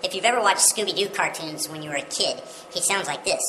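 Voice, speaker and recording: Woman, casual video teacher, low-pitched, friendly step-by-step explainer; roomy sound. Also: quick pace, heavy background noise. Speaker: yodeling teacher. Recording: roomy echo with music behind.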